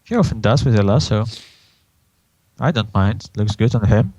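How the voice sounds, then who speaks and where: A man's voice: lowish voice, expressive, normal speed, darkish tone, husky, dry recording, rough recording. A man co-hosting a casual podcast chat, wry and playful. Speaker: podcast co-host.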